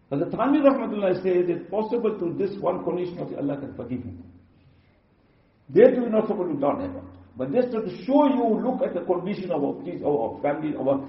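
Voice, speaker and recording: A man giving a sermon and telling stories, his delivery rising and dropping suddenly. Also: a little high. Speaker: preacher. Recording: distant, echoey, muffled.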